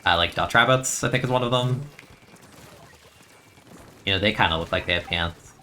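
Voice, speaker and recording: Man, young adult, streamer, casual game commentary, rambling, chatty, forceful tone. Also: lowish voice, normal speed, slight background noise. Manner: rambling, chatty, laughs often.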